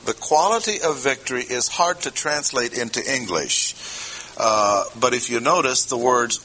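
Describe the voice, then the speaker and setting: A man's voice: mid-range voice, animated, normal speed, bright, forceful tone, slight background noise, poor audio. A man preaching an expository sermon, talking conversationally and putting questions to the congregation. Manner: conversational, asks the audience questions. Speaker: pastor.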